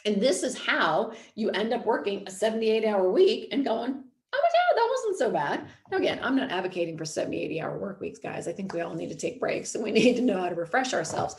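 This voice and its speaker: On a casual podcast, a woman in her thirties who hosts and coaches talks fast in a mid-range voice with few pauses. Her chatty speech is full of "like" and "you know", and the audio is reverberant.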